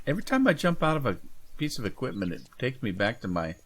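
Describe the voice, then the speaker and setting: A man's voice: medium pitch, sing-song, fast talker. A man from Washington State with a slight Minnesota-tinged Northwest accent, rambling folksy commentary while playing a farming game. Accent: Pacific Northwest US with Minnesota traces. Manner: rambling, folksy, trails off quietly. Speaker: gaming channel host. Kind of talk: casual let's-play commentary.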